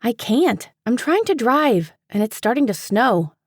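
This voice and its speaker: A woman voicing an exasperated, quick-tempered young woman who is a librarian. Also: on the high side, sing-song, no echo, studio quality, pitched above the performer's own voice. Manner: exasperated, snappy.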